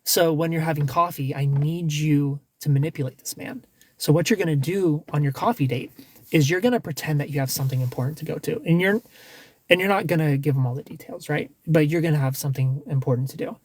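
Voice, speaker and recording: A man's voice: a little high, quick pace. A man hosting a casual livestream, giving blunt dating advice with lots of restarts and some swearing.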